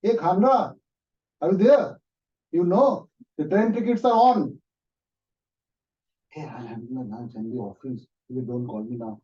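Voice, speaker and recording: A man voicing an excited, insistent caller who talks loudly and rushes to give orders. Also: mid-range voice, roomy sound, close to an everyday voice. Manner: loud, bossy, rushing. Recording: distant, muffled room recording.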